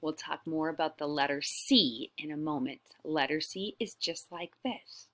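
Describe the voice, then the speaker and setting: A young adult woman teaching an online lesson to small children, speaking in a drawn-out, encouraging sing-song that often drops to a whisper. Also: low voice, a bit bright. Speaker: preschool teacher.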